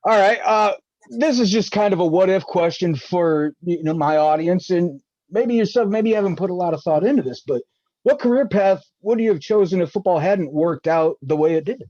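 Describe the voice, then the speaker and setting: Host: man, fairly high and mellow voice, easygoing questions, dull lo-fi sound. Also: lively intonation, normal speed, no echo. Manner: easygoing, asks questions with hesitant fillers. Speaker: podcast host. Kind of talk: casual interview. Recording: dull, lo-fi and dry.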